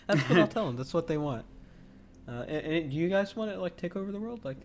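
A man's voice: a little high, lively intonation, fairly quick, slight background noise. A man hosting a casual podcast chat, joking around, laughing often and stumbling over restarts. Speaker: podcast host.

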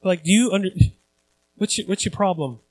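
High-voiced male pastor preaching conversationally. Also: fairly quick, low-quality recording. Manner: conversational preaching with repeated phrases for emphasis; acts out voices of people he quotes. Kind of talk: sermon.

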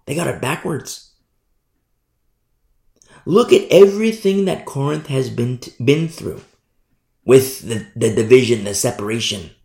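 A man's voice: medium pitch, creaky, darkish tone. Male pastor, emphatic sermon delivery with rhetorical questions, reverberant room. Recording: roomy echo.

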